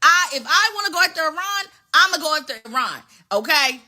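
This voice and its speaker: A woman putting on a shrill, defiant, cursing bully. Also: lively intonation, fairly quick, sharp tone, heavily acted. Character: brash cursing defiant personified nation.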